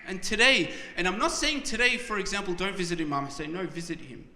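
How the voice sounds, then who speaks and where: A man's voice: high-pitched, quick pace, pushed and bright. A man giving a passionate, emotional sermon at a religious gathering, often restarting his words. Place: large hall at a community religious program. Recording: echoey hall reverb.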